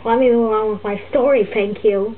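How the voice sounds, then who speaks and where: A woman voicing a fussy, griping turtle puppet teacher, rambling and halting with many restarts. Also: a little high, fairly even intonation, close to an everyday voice. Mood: grumbling. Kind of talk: comic puppet vlog monologue. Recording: tinny lo-fi phone-like audio with faint hiss.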